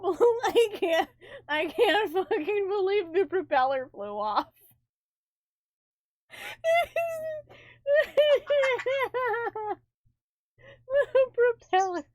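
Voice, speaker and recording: A young adult woman streaming a game, chatting with laughter, animated and cursing freely. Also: extremely high pitch, no room sound, clean studio sound. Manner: laughs a lot, animated and swears. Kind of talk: let's play commentary.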